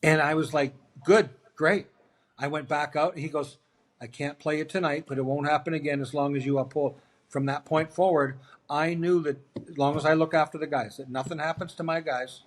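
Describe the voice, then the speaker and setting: A man's voice: a little high, normal speed. A middle-aged man, a guest on an interview show, telling stories casually and acting out the dialogue of the people in them. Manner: animated anecdotes, acts out quoted dialogue. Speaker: interview guest, former hockey player.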